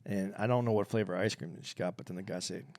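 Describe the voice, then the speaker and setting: A man co-hosting a comedy podcast, chatting in a relaxed way and laughing as he talks. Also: sits low, fast talker, no echo. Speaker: podcast co-host. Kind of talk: casual comedy podcast banter.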